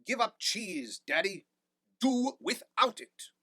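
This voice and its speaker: A man voicing a grown son who loudly begs his old father, urgent and insistent. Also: fairly high pitch, sing-song, measured pace, breathy edge, no echo, full character voice. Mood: pleading.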